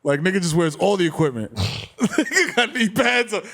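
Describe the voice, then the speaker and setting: A slangy New York man co-hosts a comedy podcast and laughs easily. His voice is fairly high and animated. It is relaxed studio banter between friends. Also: moderate pace. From the Bronx. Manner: laughs often, slangy and loose. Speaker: podcast co-host.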